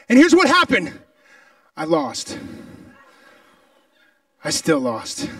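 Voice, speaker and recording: A man preaching a sermon, telling a personal story in an animated way and acting out its scenes. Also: high-pitched, no echo, far from the mic. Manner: animated, acts out scenes and voices in his story.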